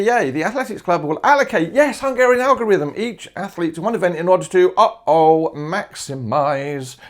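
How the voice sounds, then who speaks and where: An Australian man, a maths teacher, chattily talking himself through exam solutions step by step with informal asides. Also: fairly high pitch. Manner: casual asides and fillers like "all right" and "uh". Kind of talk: worked exam solutions, thinking aloud.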